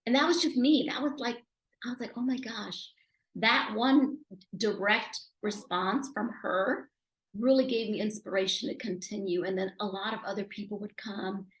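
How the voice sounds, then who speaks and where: A woman speaker and author telling her story in an interview, animated and emotional, getting louder at her high points. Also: moderate pace. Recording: roomy echo.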